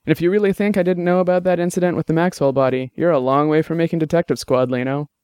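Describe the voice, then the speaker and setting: Gruff old cop boss, stern and wry, a man doing him in a smooth, resonant voice, dry close sound. the teasing lands flat and sure, an audiobook elder who doesn't raise a fuss. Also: on the high side, quick pace, dry recording, voice pushed up, close to an everyday voice. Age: over 60.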